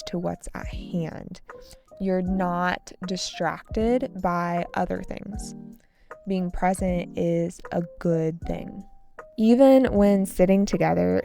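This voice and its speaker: A woman telling a story as an English lesson, slowly repeating and explaining vocabulary words for pronunciation. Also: lowish voice, vocal fry, dark tone. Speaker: English teacher.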